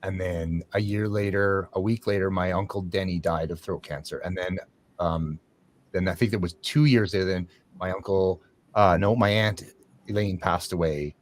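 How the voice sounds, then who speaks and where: A man's voice: low voice, fairly even intonation, moderate pace, slight background noise. A man hosting a talk, sharing a long personal story in a reflective, rambling way. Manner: reflective, rambling, with restarts and fillers. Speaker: host. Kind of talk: conversational talk show discussion.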